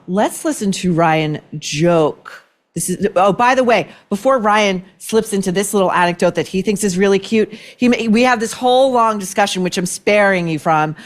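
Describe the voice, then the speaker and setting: A woman hosting an opinion commentary show, talking in a sarcastic, indignant, worked-up way. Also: medium pitch. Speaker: podcast host.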